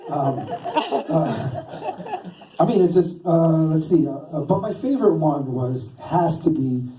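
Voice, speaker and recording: A man's voice: a little high, big pitch swings, slow pace, dark tone. A man doing stand-up storytelling, rambling and self-deprecating with many fillers and restarts. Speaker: stand-up comedian. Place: live comedy stage. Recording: roomy hall, distant mic, faint hiss.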